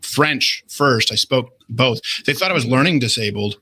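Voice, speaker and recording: A man from Canada, a guest on a talk show, speaking in a quick, emphatic and punchy way. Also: mid-range voice, expressive, bright, forceful tone, slightly rough. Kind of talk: podcast conversation.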